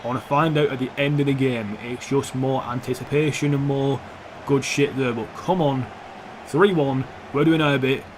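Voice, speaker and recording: A young man commentating his own football video game match, swearing often and shouting at the players on screen. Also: medium pitch, steady tone, normal speed, background noise. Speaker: gaming YouTuber. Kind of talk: gameplay commentary.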